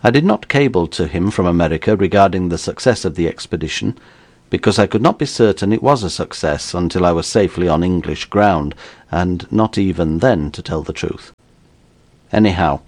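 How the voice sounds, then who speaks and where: A man reading an audiobook in a measured storytelling manner. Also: low-pitched, darkish tone. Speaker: narrator.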